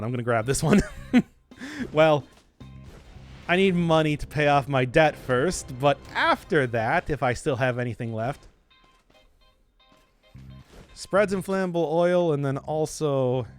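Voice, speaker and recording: A man giving casual, joking commentary while playing a video game, often teasing himself. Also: a little high. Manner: playful, joking, self-deprecating. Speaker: gaming streamer.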